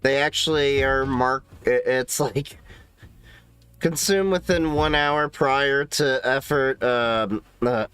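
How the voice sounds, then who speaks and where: A man's voice: mid-range voice, takes it slowly, a bit bright, smooth, dry recording. A man hosting a casual livestream, rambling and swearing freely as he reacts to viewer chat from a home setup. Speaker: livestream host.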